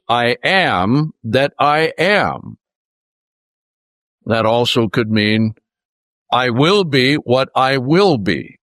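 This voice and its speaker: A man delivers a Bible teaching sermon in a middle-pitched voice. He reads scripture passages aloud and slows down to lean on key words. The recording is dry and close, with no room sound. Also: a bit bright, dry recording. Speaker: preacher.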